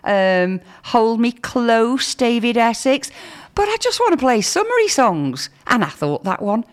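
Chatty woman radio presenter, lively pitch. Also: unhurried. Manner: chatty, reads listener texts aloud. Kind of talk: casual local radio chat.

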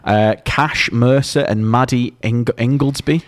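A man's voice: medium pitch, measured pace. A man co-hosting a podcast in casual chat, jokey and bantering, slipping into voices now and then. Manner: jokey, banters and slips into impressions. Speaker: podcast co-host.

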